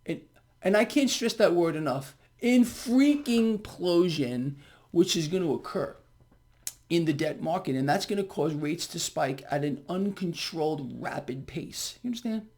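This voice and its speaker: Market commentary comes straight to the viewer from a man with a fairly high pitch, lively intonation and normal speed. He's emphatic and repetitive, often asking "okay?" and calling everyone "people."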